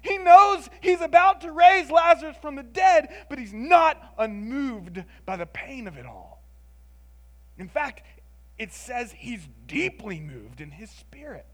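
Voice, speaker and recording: A man preaching a sermon in an expressive, conversational way, moving between emphatic lines and hushed ones and often adding "like" and "right?". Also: very high voice, a little slow.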